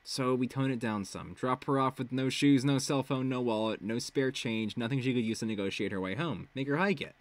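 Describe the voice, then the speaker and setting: A man's voice: medium pitch, fairly quick, hardly any pauses, voice pushed down, lightly acted. A man reading the lines of a blunt, flippant teenage boy supervillain in a dry, offhand way.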